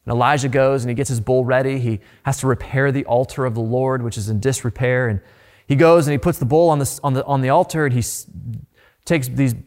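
Animated, conversational male preacher. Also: medium pitch, a little fast. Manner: animated, asks rhetorical questions; conversational, informal. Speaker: pastor. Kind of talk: sermon.

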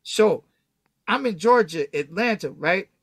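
A man with a notably high voice tells a rough story from his own life, heavy with slang and swearing. He jumps into the voices of the people in it as he goes. The sound is close and dry. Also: expressive, a little slow, dry recording. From Texas. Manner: profane, slangy, acts out quotes loudly. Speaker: guest. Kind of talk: casual storytelling.

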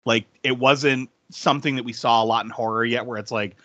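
A man's voice: medium pitch, fairly even intonation, fairly quick, a bit bright, dry recording, lo-fi sound. A man co-hosting a casual film podcast, enthusiastic and giggly, who swears casually and laughs often. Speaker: podcast co-host.

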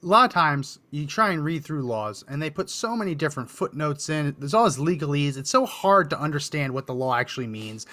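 A man's voice: on the high side, lively intonation, fairly quick, few pauses, sharp tone. A man co-hosting a podcast, reading a sponsor spot and explaining law in an easygoing way. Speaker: podcast co-host. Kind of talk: ad read and casual talk.

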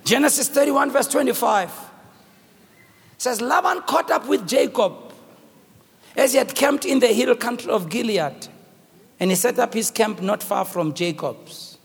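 A man with a South African accent preaching a sermon and telling the story dramatically, swinging from shouts to hushed tones. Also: very high voice, lively intonation, a little slow, vocal fry, husky. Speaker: bishop preaching. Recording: long reverb of a church hall.

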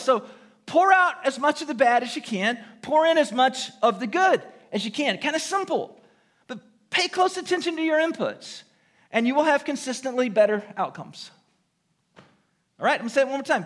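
A man's voice: extremely high pitch, animated, moderate pace, a bit bright. A man preaching a sermon, earnest and repeating his key phrases for emphasis. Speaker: pastor. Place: church sanctuary.

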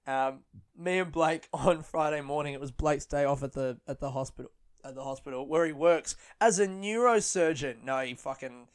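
A man's voice: a little high, moderate pace, smooth. A young man, a comedian, chatting casually on his podcast, rambling and laughing a lot and swearing freely. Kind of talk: casual chat.

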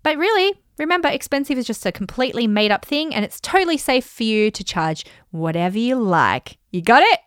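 A woman hosting her own podcast, coaching listeners on money and pricing in an upbeat, animated way and often acting out calm replies. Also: a little high, brisk, hardly any pauses, smooth, no room sound, clean studio sound. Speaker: podcast host and business coach. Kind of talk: motivational solo podcast talk.

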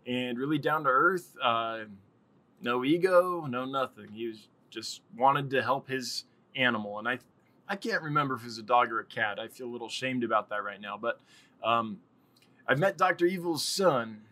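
A man's voice: mid-range voice, normal speed, bright, forceful tone. A man hosting a casual live stream, rambling and chatting with viewers and laughing often.

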